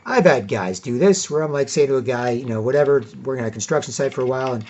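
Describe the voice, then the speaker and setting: A man's voice: medium pitch, quick pace, darkish tone. A man giving a rambling, emphatic vlog monologue, swearing freely and ending his points with "right?". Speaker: vlogger. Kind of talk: casual lecturing monologue. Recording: dull lo-fi recording.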